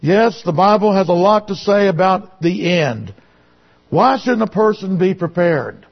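A man's voice: high voice, lively intonation, measured pace, gravelly. A man preaching a sermon who reads scripture aloud, repeats phrases and presses his points with rhetorical questions. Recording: dull lo-fi recording.

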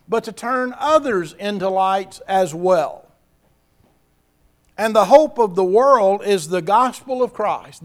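A man preaching a sermon, earnest and repeating key phrases for emphasis. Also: high voice.

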